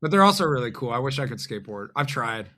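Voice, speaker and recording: A man speaking as a podcast guest in a casual chat. His tone is bright and forward, and his pitch sits in the middle range. He talks haltingly and deadpans his jokes. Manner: halting, deadpan, self-deprecating. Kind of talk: casual conversation.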